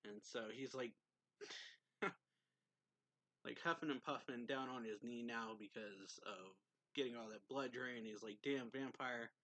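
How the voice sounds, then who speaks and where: A man's voice: medium pitch, fairly even intonation, normal speed, sharp tone, rough recording. A man casually recapping a manga chapter in a rambling way, full of fillers and reading quoted lines aloud. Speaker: manga reviewer.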